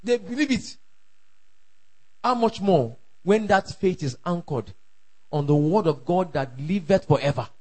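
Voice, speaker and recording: A man preaching a sermon, emphatic and repetitive, calling out declarations and shouting at the peaks. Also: high-pitched, lively intonation, measured pace, long pauses. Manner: emphatic, repeats lines for the crowd to echo, shouts at peaks. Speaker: pastor.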